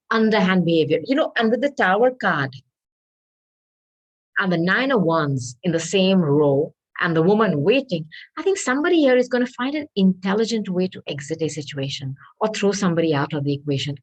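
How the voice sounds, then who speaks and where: A woman tarot reader talking her way through a reading, repeating herself and adding hedging asides, clearing her throat as she loses her voice. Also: lowish voice, expressive, moderate pace, poor audio. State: losing her voice.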